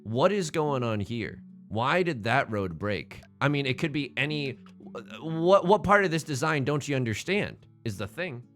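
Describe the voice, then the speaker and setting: A man streaming a building game live, thinking aloud in an excitable, joking way and swearing at his own designs. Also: mid-range voice, unhurried, soft background music. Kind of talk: live gameplay commentary.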